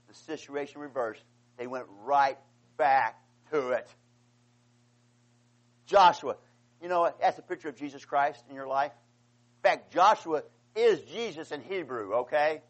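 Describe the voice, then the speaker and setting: Man, preacher, sermon, impassioned, pleading, somewhat high voice. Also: measured pace, pauses often, lo-fi sound. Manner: impassioned, rising to pleading outcries; calls for "amen" from the congregation.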